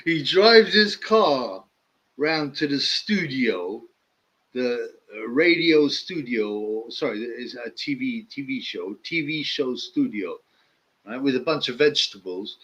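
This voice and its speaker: Slow, animated man telling stories. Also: medium pitch, dull audio. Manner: laughs often, lively storytelling with mimicked voices. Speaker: livestream host. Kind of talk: casual rambling storytelling.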